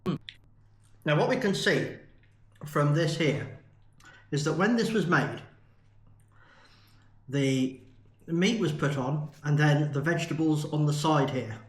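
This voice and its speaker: A man's voice: fairly high pitch, animated, takes it slowly, long pauses, echoey room. A man from the UK in a chatty, enthusiastic food review vlog. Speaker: food vlogger.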